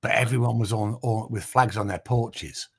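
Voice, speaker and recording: A British man, a racing driver and podcast guest, telling animated anecdotes with casual swearing. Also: on the low side, normal speed, breathy edge. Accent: British English. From Britain. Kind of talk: storytelling in a podcast interview.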